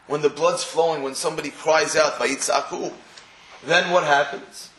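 A man delivers a sermon as a string of stories, acting out the people he quotes and dropping in Hebrew and Yiddish words. His voice sits high for a man. The room around him rings with echo. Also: fairly even intonation, moderate pace, fairly bright tone. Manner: storytelling, acts out quoted voices; mixes Hebrew and Yiddish terms. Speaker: religious speaker. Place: room in England.

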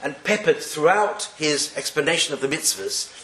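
Lively man lecturing in an echoey room. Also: a little high, normal speed. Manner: lively, joking, asks the class rhetorical questions. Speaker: Torah teacher. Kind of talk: classroom lecture on Jewish texts.

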